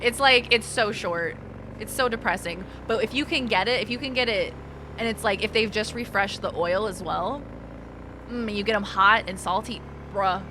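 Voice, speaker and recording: A woman's voice: mid-range voice, normal speed, background noise. A woman streaming a video game, chatting casually, laughing often and swearing freely. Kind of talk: casual chat while gaming.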